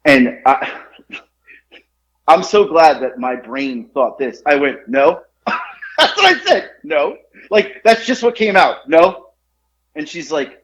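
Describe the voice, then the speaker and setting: Animated rambling man telling a story. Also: fairly high pitch, moderate pace, dull audio. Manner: animated, rambling, lots of "like" and restarts, laughs at his own story. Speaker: podcast co-host telling a story. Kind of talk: casual storytelling chat.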